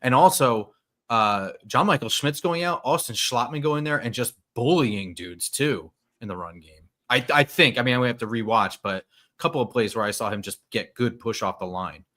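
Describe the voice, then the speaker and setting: Bright-voiced man, casual sports co-host. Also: medium pitch, moderate pace. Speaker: podcast co-host.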